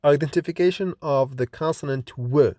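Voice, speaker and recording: A man's voice: fairly high pitch, mellow, no echo, clean studio sound. A man teaching a recorded phonetics lesson, reading example words one by one for the listener to repeat. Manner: slow, deliberate drilling of example words for repetition. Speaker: phonetics lecturer.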